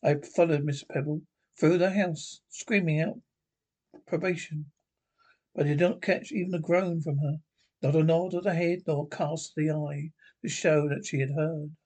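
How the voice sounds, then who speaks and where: A man reads a gothic short story aloud, telling it in the first person with dramatic flair. His voice sits a little high for a man and carries a husky, breathy grain. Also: steady tone, moderate pace, darkish tone. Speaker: reader.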